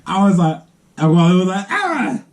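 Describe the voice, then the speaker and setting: A man vlogger telling a family story to camera in a casual, animated way, laughing often and acting out the sounds. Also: sits high, fast, slight background noise.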